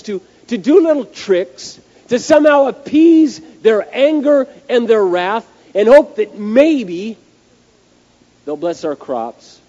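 Male pastor, high and very animated, emphatic storyteller, dull lo-fi recording. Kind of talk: sermon with storytelling.

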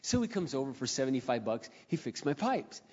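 A man telling a personal story in a sermon, animated, dropping to a hush and then rising to loud exclamations. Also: mid-range voice, a little fast. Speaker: speaker. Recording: echoey hall, dull lo-fi sound.

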